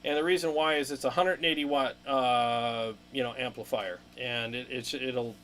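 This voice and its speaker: A man's voice: mid-range voice, fairly even intonation, moderate pace, a bit bright. A man hosting a live amp Q&A stream, talking casually and enthusiastically with many fillers and restarts. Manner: reads viewer comments aloud and laughs along.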